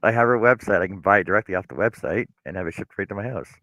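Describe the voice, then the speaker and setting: Man co-host, deep voice, loose rambling storyteller, dry mic. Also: rapid-fire, bright, forceful tone, dry recording, lo-fi sound. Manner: rambling storyteller, many restarts. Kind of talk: casual chat.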